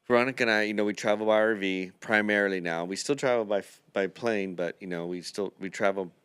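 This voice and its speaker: A man's voice: fairly low pitch, fast talker, fairly bright tone, clear, resonant tone, no echo. A man hosting a podcast, telling a long rambling anecdote full of quoted dialogue in a casual chat. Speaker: podcast host, dental builder.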